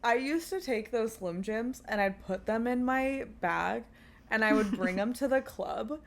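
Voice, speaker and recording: A young woman co-hosting a podcast, telling wild anecdotes with lots of laughter and excitement. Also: a little high, measured pace, vocal fry, a little hiss or hum. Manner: animated storyteller, laughing hard through anecdotes. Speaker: podcast co-host and streamer. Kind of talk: casual chat.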